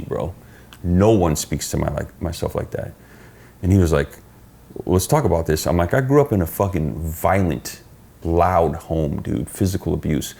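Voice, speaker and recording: A middle-aged man, a podcast guest, telling stories in casual chat, profane and animated as he acts out what people said. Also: low voice, moderate pace, creaky, breathy edge. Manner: profane, animated storyteller acting out quoted dialogue.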